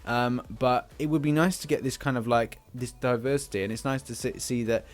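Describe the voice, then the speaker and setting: A man's voice: mid-range voice, steady tone, brisk. British man rambling about a game. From Britain. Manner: rambling, lots of fillers and restarts. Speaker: game channel host. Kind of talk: casual game commentary.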